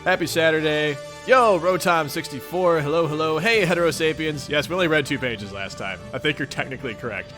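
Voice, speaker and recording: Reading a webcomic on his livestream, a young man with a Midwestern accent welcomes viewers with goofy, upbeat playfulness. His fairly high, expressive voice runs fairly quick with hardly any pauses, heard over music.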